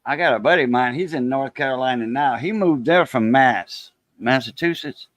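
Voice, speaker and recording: A man chatting easily as a guest, telling loose stories in a relaxed, drawn-out way. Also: medium pitch, dry recording. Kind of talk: casual chat.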